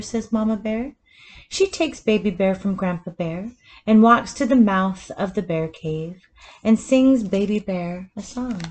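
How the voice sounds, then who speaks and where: A woman reading a picture book aloud at storytime, in a slow, soothing bedtime manner. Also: mid-range voice, animated. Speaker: storytime reader.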